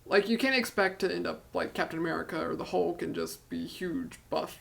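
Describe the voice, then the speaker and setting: Easygoing gravelly podcast co-host. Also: male voice, on the high side, fairly quick, fairly bright tone. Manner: easygoing, dry understatement, light laughs. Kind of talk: casual chat.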